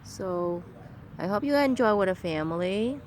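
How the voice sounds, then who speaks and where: A woman's voice: mid-range voice, lively intonation, moderate pace, a little mellow, slight background noise. A woman vlogging outdoors in her yard on a handheld phone, chatting in simple broken English and apologizing again and again. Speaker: vlogger and mother. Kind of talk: casual vlog chat.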